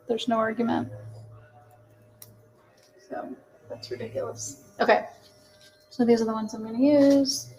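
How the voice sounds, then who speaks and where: A woman's voice: a little high, fairly even intonation, a little slow, long pauses, noisy background. Chatty woman cooking on a livestream. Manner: chatty, self-mocking, reads chat aloud and answers. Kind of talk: casual livestream chat while cooking.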